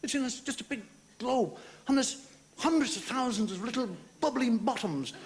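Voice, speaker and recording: In a very noisy live theatre recording full of loud audience laughter, a man with a very high, expressive voice performs a stand-up monologue at a moderate pace. He tells stories wryly, throwing in mock-outraged asides.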